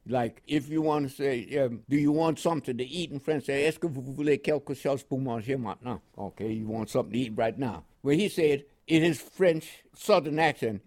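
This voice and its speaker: A man's voice: mid-range voice, a little fast, hardly any pauses, a little mellow. Elderly man, war veteran, rambling storyteller, chuckles, interview. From Panama. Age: older. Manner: rambling, chuckling, restarts with "you know".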